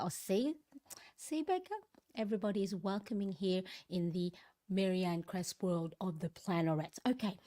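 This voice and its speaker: A chatty woman hosting a casual live stream, greeting each viewer by name and laughing often. Her voice is a little croaky this early in the morning, and she talks easily and warmly to the chat. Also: medium pitch.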